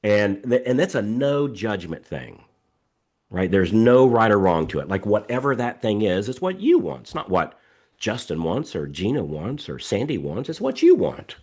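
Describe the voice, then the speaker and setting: A man's voice: lowish voice, normal speed, slightly rough. A middle-aged man hosting a live coaching session over a video call, talking emphatically, repeating himself, and telling stories. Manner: emphatic, repetitive, animated storytelling. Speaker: coaching host. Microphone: video call microphone.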